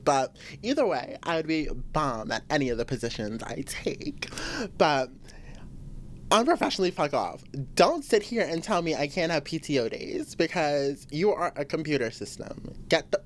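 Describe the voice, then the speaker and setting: A woman's voice: normal speed, hardly any pauses, slight background noise. A young woman hosting a casual solo podcast, venting animatedly with frequent laughs. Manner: animated, venting, laughs often, swings to high exclamations. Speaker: podcast host.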